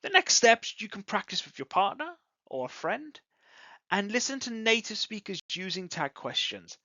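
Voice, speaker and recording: An English teacher explains a lesson in a bright, lively voice that swoops up and down to show intonation. The delivery is clear and encouraging. It is a dry, slightly dull, lo-fi recording with no room sound. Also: medium pitch, moderate pace, no echo. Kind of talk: online language lesson.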